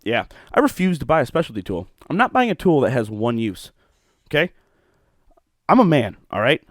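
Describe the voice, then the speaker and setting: A young man talks into a close mic at home, swinging his pitch up and down as he tells a rough, profane story and breaks into laughter. The sound is dry and close, with no room echo. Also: big pitch swings, normal speed. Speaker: podcast host. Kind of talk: solo podcast monologue.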